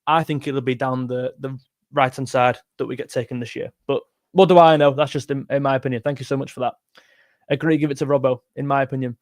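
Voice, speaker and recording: A man's voice: mid-range voice, little pitch movement, fast talker, no room sound, studio quality. A young man hosting a football live stream, chatting casually and bluntly while reading viewer comments. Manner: chatty, blunt, self-deprecating, thanks donors warmly. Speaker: football livestream host reading chat.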